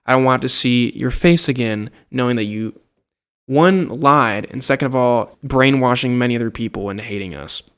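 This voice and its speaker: Young man, college student, casual storytelling, animated, exasperated, swears a lot. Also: medium pitch, moderate pace, smooth. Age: young adult. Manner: animated and exasperated, swears freely, acts out what others said.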